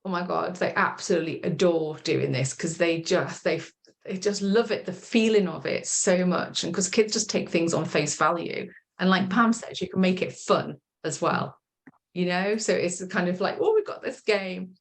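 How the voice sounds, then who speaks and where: A woman coach leading a group session over a video call, guiding a relaxation exercise in a gentle, encouraging, chatty way. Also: lowish voice, normal speed. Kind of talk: guided relaxation instruction.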